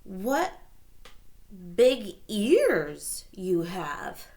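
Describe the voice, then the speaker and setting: A woman voicing a cheerful, polite little girl in a storybook reading, with a high, chirpy voice. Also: sing-song, drawn-out words, darkish tone. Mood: wary.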